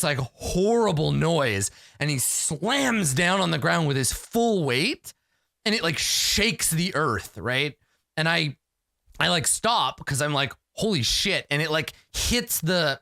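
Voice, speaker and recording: A man's voice: a little high, creaky, bright, forceful tone, no room sound, studio quality. A man narrating a solo tabletop game in the first person, rambling and emotional, with many fillers.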